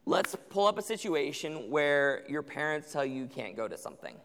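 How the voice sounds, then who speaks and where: A young man delivers a conversational sermon to teenagers, acting out quotes from parents and kids. His voice is fairly high, a bit bright, and very animated at a moderate pace, with long hall reverb on the recording.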